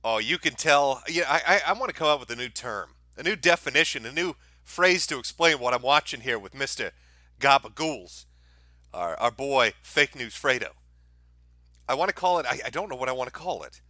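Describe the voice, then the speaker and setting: A man's voice: medium pitch, expressive, normal speed, sharp tone, dry recording. A man hosting a commentary show, talking in a mocking, sarcastic, profane way.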